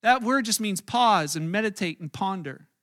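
A man's voice: high voice, expressive, normal speed, a bit bright. A male pastor giving a conversational sermon, earnest and casual, often restarting and adding asides.

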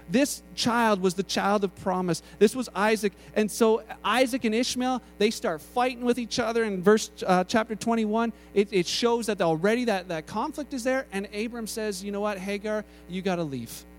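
A man preaching a sermon in a casual, conversational way, often restarting his sentences. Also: high-pitched.

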